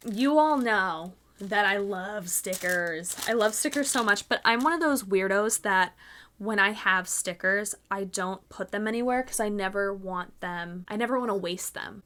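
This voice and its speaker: A young woman hosting a crafting podcast, gushing and gasping excitedly as she unboxes handmade gifts. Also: medium pitch. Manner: gushing, gasping, swears mildly, fast bursts of excitement. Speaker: podcast host.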